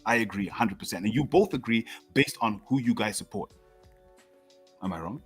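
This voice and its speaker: A man with a husky voice argues fighters and styles on a casual MMA podcast, laughing between points. His pitch jumps around animatedly as he makes his case, over faint background music. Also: lively intonation, brisk. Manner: argumentative, laughs often. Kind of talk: casual sports debate.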